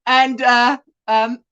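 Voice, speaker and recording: A woman's voice: sits high, fairly bright tone, highs cut off. A woman hosting a casual crochet livestream, chatting, reading out viewer comments and laughing often.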